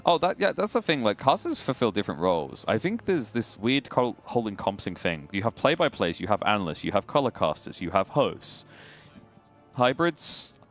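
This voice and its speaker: A man's voice: on the low side, big pitch swings, moderate pace, soft background music. A man casting on an esports live stream, chatting casually in a jokey, rambling way. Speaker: esports caster.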